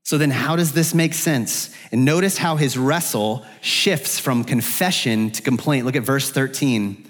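A man delivers an expository sermon from the pulpit in an earnest, searching way, his voice climbing higher whenever he voices the prophet's pleas to God. His voice sits at an ordinary middle pitch for a man. The sound carries a long reverb, as in a large church sanctuary. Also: a little slow, hardly any pauses. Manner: earnest, rises in pitch when voicing the prophet's prayers. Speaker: pastor.

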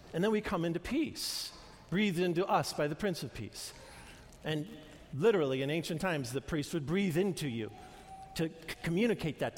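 An older man preaching a sermon in an earnest, conversational way, restarting phrases as he goes. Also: high voice. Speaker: pastor. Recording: long reverb of a large hall.

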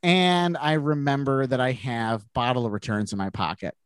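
A man's voice: mid-range voice, fairly even intonation, normal speed, clean tone, no echo. A man co-hosting a podcast, telling a self-mocking funny story in casual chat and laughing through it. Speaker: podcast co-host.

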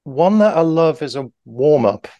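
A man's voice: a little high, lively intonation, normal speed, dark tone, no echo, muffled recording. A man talking casually as an improv guest, rambling and correcting himself, acting out example lines as he explains. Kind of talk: casual interview chat.

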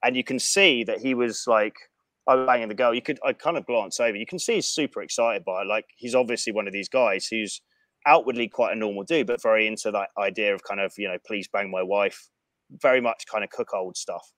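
A man spins a frank, profanity-laced story in a relaxed conversational way. His voice sits on the low side and the recording is dry and close, with no room sound around him. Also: fast talker, no echo. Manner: profane, animated anecdote-telling. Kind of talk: casual storytelling.

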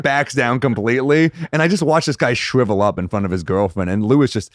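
A man hosting a podcast, telling comedy-club stories in a casual, animated way and bursting into loud impressions of people. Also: medium pitch, quick pace, few pauses, no echo, clean studio sound. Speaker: podcast host. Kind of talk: casual storytelling chat.

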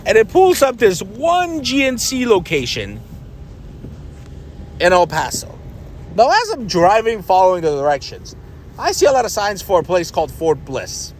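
High-voiced man telling a story, animated. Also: moderate pace, slight background noise. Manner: animated, chatty, swears freely. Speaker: podcast host. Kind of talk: casual storytelling.

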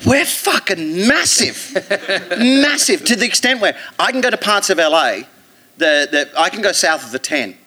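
Bright, brash Australian man telling stories. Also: a little high, fairly quick. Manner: profane, animated storytelling with put-on voices. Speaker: comedian guest. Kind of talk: live podcast interview. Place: theatre stage.

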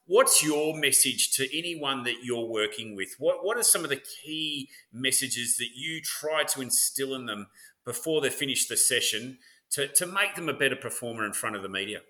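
A man's voice: medium pitch, animated, normal speed, sharp tone. A man hosting an interview, asking questions and praising his guest. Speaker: host. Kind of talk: conversational interview.

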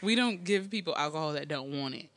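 A woman's voice: low-pitched, expressive, fast talker. A woman co-hosting a podcast, joining in with playful, slangy banter. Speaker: podcast co-host. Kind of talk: casual chat. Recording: loud background noise.

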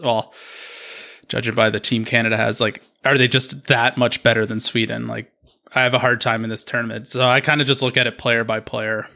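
A man's voice: medium pitch, pushed and bright. A man co-hosting a hockey podcast, talking casually and thoughtfully about judging teams. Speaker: podcast co-host. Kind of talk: casual chat.

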